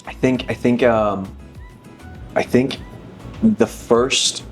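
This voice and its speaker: A man's voice: mid-range voice, steady tone, slow, soft background music. A man in his thirties, a magician, talking reflectively as an interview guest, with frequent restarts. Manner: thoughtful, many restarts, leans on 'inevitably'. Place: dinner table.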